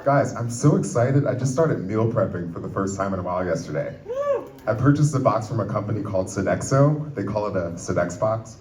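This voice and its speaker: A man performing a pun-filled stand-up routine on a comedy club stage, telling a story and putting on quick voices for his family. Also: on the low side, animated, very noisy. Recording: roomy club recording from far off, loud crowd.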